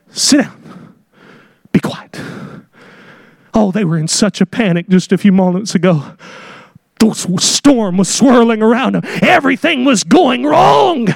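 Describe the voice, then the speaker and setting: Shouting high-voiced man preaching a sermon. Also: no echo, clean studio sound. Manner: swings from hushed whispers to shouted high climaxes.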